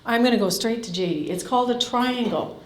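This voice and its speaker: A woman's voice: a little high, brisk. A woman in her fifties from Canada, a farm family coach giving a live seminar, blunt and direct, firing questions at the audience. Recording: echoey hall.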